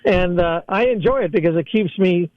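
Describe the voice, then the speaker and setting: A man's voice: high voice, moderate pace, dry recording, muffled recording. A former male radio co-host in casual chat, rambling and self-deprecating, laughing through his words.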